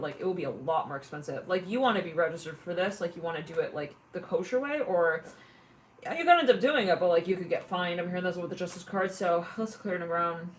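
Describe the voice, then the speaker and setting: A woman's voice: lowish voice, a bit bright, slight background noise. A woman giving a casual tarot reading, chatty and giggly, often acting out imagined callers. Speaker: tarot reader.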